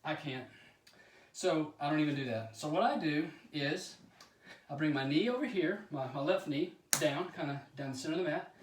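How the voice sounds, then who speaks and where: A man chatting casually while demonstrating yoga poses, out of breath and often clearing his throat, self-deprecating about his flexibility. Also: a little high, normal speed. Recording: echoey room, voice from a distance.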